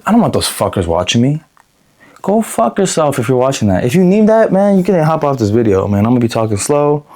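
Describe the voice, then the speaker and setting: A young man talks straight to camera in a raw, unedited video diary, at a middling pitch. He is blunt and swears freely. His pace keeps shifting as he rambles, and he often stops himself mid-sentence to start over. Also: very animated, fast talker, a little mellow. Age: young adult. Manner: frequent restarts and self-corrections. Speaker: vlogger. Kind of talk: unedited vlog monologue.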